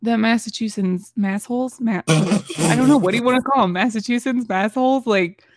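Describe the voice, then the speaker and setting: A young woman co-hosting a podcast in casual chat, playful and teasing, with dry sarcastic humor. Her voice is a touch higher than most women's. The close mic sounds dry, with no room around it. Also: normal speed, no room sound. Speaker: podcast co-host.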